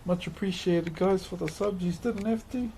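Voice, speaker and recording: A man's voice: sits high, steady tone, normal speed, vocal fry, warm tone, slight background noise. A man with a New Zealand accent chatting casually on a livestream while woodcarving, laid-back and laughing often as he greets his chat.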